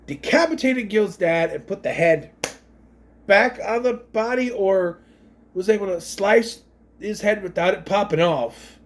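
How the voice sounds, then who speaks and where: A man's voice: sits high, a little slow, slight background noise. A man giving a casual, rambling recap of a movie, wandering off on tangents and briefly mimicking the characters. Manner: mimics characters' voices mid-story. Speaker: movie reviewer.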